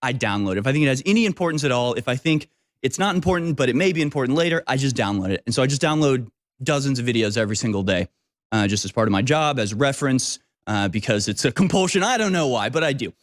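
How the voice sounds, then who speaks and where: Male commentary host, middle-pitched, rambling and emphatic, with fillers; dry booth sound. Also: animated, fast, no room sound. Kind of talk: opinionated talk-show monologue.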